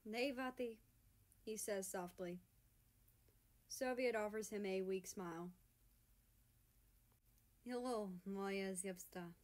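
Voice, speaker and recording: A woman narrating a story chapter aloud at a slow, unhurried pace. Her reading is soft and even, with a middle pitch. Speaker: fan fiction reader.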